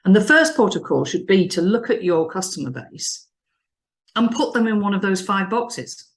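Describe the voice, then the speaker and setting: A woman business advisor explaining customer strategy in an animated, emphatic way, often restarting her phrases. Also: mid-range voice, moderate pace. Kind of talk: business advice discussion.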